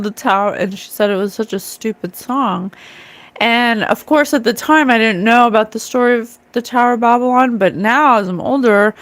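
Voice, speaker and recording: A woman's voice: a little high, no room sound. A middle-aged woman doing a live psychic card reading, talking earnestly and emotionally to her viewers. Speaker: psychic medium streamer. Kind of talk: live-stream card reading, casual talk.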